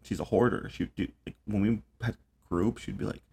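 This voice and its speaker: A man's voice: on the low side, fairly even intonation, a little fast, gravelly, darkish tone, slight background noise. A young man hosting a casual podcast chat, telling rambling stories full of swearing and fillers. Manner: profane, rambling storyteller with lots of fillers. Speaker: podcast host.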